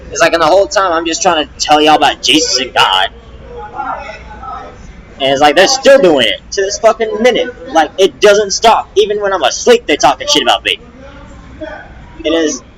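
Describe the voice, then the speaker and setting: Young man, slightly high voice, agitated, rambling, many restarts, swearing, casual stream rant. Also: lively intonation, normal speed, long pauses, a crowd in the background, poor audio. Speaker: rapper and streamer. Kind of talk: casual live-stream venting.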